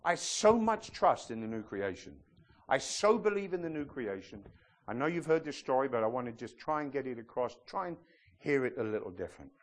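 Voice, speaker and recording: A man preaching a sermon, telling stories with animated shouted impressions. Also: medium pitch, a little fast. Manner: animated storytelling, bursts into excited shouted impressions.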